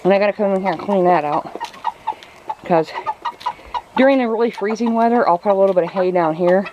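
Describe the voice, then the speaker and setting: A woman's voice: medium pitch, brisk, highs cut off. A woman chatting casually while doing farm chores outdoors, talking to her animals. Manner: chatty, coos baby talk to her animals. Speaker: farm vlogger. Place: outdoors at a chicken coop on a farm. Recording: noisy outdoor farm recording. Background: chickens clucking.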